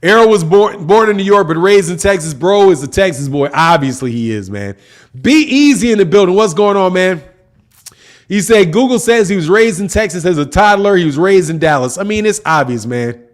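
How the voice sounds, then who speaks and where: Casual male host, higher voice, slangy, laughs a lot, chatty livestream. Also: expressive, moderate pace. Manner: laughs often, slangy, repeats "man". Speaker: boxing channel host. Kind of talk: casual livestream chat reading comments.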